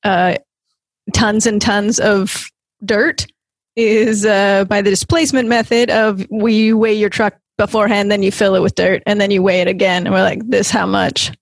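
A woman's voice: medium pitch, level tone, normal speed, creaky, dry recording. A woman comedian from Canada, guesting on a podcast and telling a wry story with frequent laughter. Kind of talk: casual chat.

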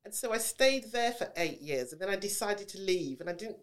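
A middle-aged actress from Birmingham, England, with a Birmingham accent, chats animatedly as a guest in a casual interview at a podcast recording venue. Her voice is mid-range and fairly quick.

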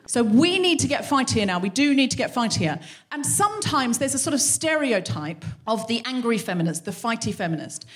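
Pitched fairly high and swinging widely, this woman's voice moves a little quickly with almost no breaks. As host of a live comedy podcast, she delivers a stand-up monologue to a concert hall crowd, cursing freely and acting out both parties in a quarrel on her own.

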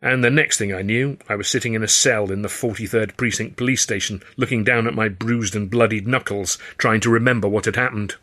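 A man narrating his own novel in the first person, in a wry, measured storytelling manner. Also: lowish voice, steady tone, fairly bright tone, slight background noise. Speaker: author reading his novel.

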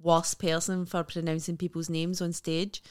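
A woman's voice: fairly low pitch, flat delivery, moderate pace, darkish tone, clean tone. Chatty woman co-hosting. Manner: laughs often, chatty and self-mocking. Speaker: podcast co-host and comedian. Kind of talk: casual comedy podcast chat.

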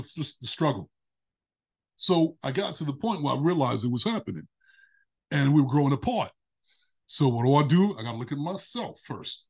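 A man, a podcast guest, telling a candid personal story in an animated way. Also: moderate pace, pauses often. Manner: animated, acts out quoted dialogue with big pitch jumps.

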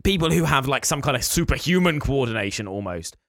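A man's voice: medium pitch, expressive, brisk, no room sound, clean studio sound. A man co-hosting a podcast, wry and explanatory in casual chat. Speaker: podcast co-host. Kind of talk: casual banter.

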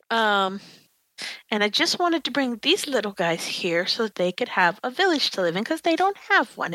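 A woman playing a tabletop game, lively and giggly as she talks through her moves. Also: fairly high pitch, no room sound, rough recording. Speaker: player. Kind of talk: casual tabletop play.

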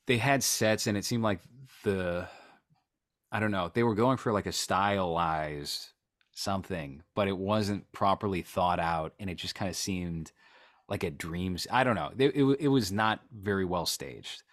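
A man's voice: low-pitched, a little slow, a bit bright. A man co-hosting a podcast, talking in a rambling, sarcastic, joking way. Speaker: podcast co-host. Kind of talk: casual chat.

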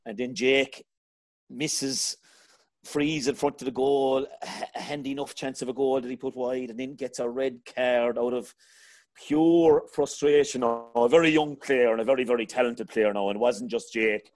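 A man's voice: mid-range voice, steady tone, normal speed, a little mellow. A middle-aged Irish man hosting a casual sports chat, rambling and talking to his panel as lads. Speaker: podcast host.

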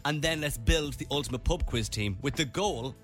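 A man hosting a drive-time radio show, jokey and animated in casual banter. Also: a little high, moderate pace, faint music behind. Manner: jokey, animated, laughs often. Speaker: radio host.

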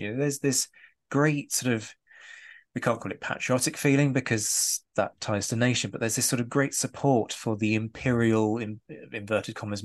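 A man's voice: mid-range voice, no echo. A man hosting a podcast, asking long, thoughtful, winding questions of a guest. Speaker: podcast host. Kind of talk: conversational podcast interview.

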